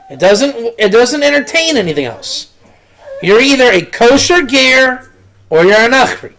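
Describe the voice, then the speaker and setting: High-voiced man teaching in a rambling way. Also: very animated, a little slow, sharp tone. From Israel. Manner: rambling, repeats words, Hebrew and Yiddish terms. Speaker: rabbi giving a talk. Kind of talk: casual teaching talk.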